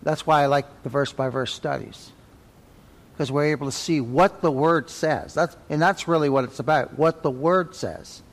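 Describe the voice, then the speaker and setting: Man, Sunday school teacher, folksy, repeats himself, slightly high voice, long church reverb. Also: normal speed. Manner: folksy, repeats phrases, asks "right?". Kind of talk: conversational Bible teaching.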